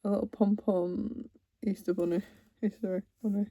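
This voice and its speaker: A woman's voice: mid-range voice, steady tone, normal speed, gravelly, no room sound, phone-quality sound. A woman vlogging at home, chatting casually as she unpacks a cross-stitch kit, with trailing asides. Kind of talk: casual chat while unboxing. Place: home, seated in a computer chair.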